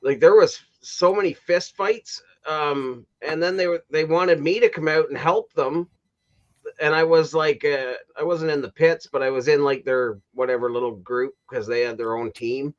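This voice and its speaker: A man's voice: a little high, steady tone, normal speed. Canadian guy rambling on a stream, lots of uh and like, bit muffled. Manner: rambling storyteller, many fillers and restarts, laughs at own stories. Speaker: livestream host. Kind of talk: casual chat.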